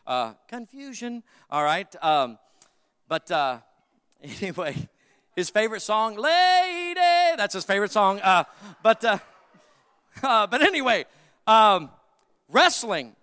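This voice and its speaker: A middle-aged man preaches to his congregation, keeping it loose with jokes and homespun stories. His voice sits high and bright. It carries a long reverb from the church sanctuary. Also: sing-song, slow pace, long pauses, smooth. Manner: folksy, joking storyteller addressing the congregation. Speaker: pastor. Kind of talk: sermon.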